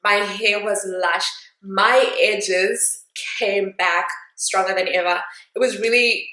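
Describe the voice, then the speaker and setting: A woman's voice: medium pitch, steady tone, takes it slowly, bright, forceful tone. Young woman chatting candidly to camera, lots of "you know"s and "um"s, sound bouncing round the room. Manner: chatty, candid, with frequent fillers and asides. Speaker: vlogger. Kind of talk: casual chat to camera. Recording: echoey room.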